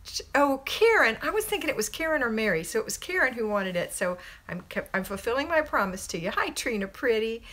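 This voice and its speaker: A woman's voice: a little high, sing-song, a little fast, fairly bright tone. A middle-aged American woman hosting a casual home livestream, greeting viewers by name and giving homemaking advice in a chatty, upbeat way. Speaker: homemaking coach and livestream host.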